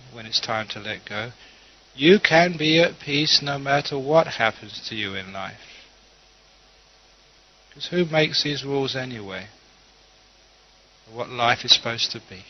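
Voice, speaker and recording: Buddhist teacher telling stories in a talk, calm, kinda dull lo-fi sound. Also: male voice, mid-range voice. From London. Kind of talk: dharma talk. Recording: dull lo-fi recording.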